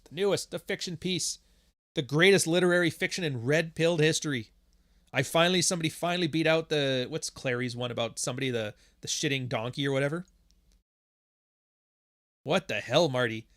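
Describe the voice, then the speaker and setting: A man's voice: a little high, a little fast, fairly bright tone, no room sound, studio quality. A man hosting a livestream podcast in casual chat, rambling and joking with plenty of swearing. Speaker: podcast host.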